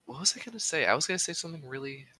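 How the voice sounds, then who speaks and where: A man's voice: on the high side, animated, very fast, bright, forceful tone. A young man co-hosting a podcast, chatting casually with loose, rambling opinions and plenty of swearing. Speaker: podcast co-host. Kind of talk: casual chat.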